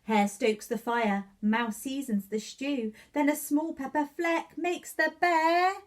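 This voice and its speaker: A woman reading a children's picture book aloud for nursery children, in an expressive, rhythmic sing-song way. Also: high-pitched, slow pace. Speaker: nursery staff reader. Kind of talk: children's storybook read-aloud.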